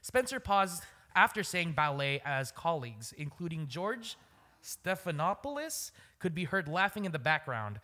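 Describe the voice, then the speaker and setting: High lively guy reading a news piece out on a podcast, bright tone. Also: moderate pace. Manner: animated, amused news reading. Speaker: podcast co-host. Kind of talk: reading a news story aloud.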